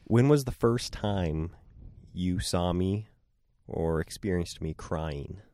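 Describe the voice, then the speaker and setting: A young man with a very low, deep voice talks casually with his wife and teases her in a dry, understated way. The sound is close and dry. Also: slow, mellow, no room sound. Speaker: podcast co-host. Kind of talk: casual chat with spouse.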